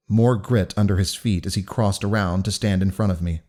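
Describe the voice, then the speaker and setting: A man reading a novel aloud for a podcast in an expressive audiobook style, breaking off to joke between takes. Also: sits low, normal speed, hardly any pauses.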